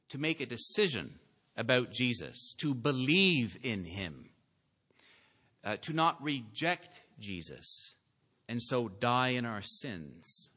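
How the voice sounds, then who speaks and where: Male pastor, bright clear tone, slow measured sermon delivery that swells into emphatic peaks, church pulpit. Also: medium pitch. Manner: earnest preaching that builds to emphatic, rising climaxes; slow, deliberate delivery with filler "uh"s.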